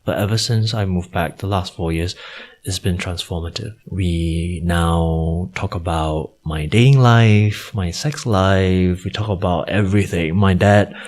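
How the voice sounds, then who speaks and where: A man's voice: deep voice, measured pace, darkish tone. A man, a podcast guest candidly telling personal stories in an intimate chat. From Singapore. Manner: candid, storytelling, quoting others with raised voice.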